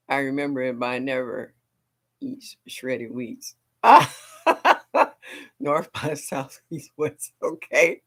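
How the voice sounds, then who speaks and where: A middle-aged woman hosting a casual gardening livestream, chatting back to viewers in an animated way and laughing often. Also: extremely low pitch, slow, slightly rough.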